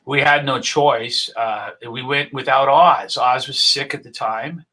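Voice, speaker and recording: A man's voice: mid-range voice, unhurried, bright, forceful tone. A man talking as a guest musician in a casual live-stream chat, laid-back and friendly with slang like dude and man.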